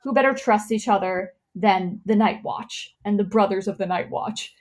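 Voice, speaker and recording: A woman hosting a comedy podcast chats and reads aloud in a loose, rambling way, swearing freely and laughing often. Her voice is mid-range and her speed normal.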